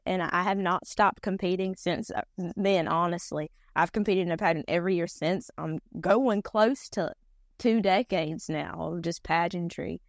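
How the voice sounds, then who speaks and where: A Southern-accented North Carolina woman talks casually and easily, scattering fillers through her chat. Her voice sits at a middle pitch. It is recorded close and dry, with no room sound. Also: vocal fry, no room sound. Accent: Southern US, eastern North Carolina. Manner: chatty, down-to-earth, many fillers. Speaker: podcast guest, pageant titleholder. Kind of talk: casual conversation.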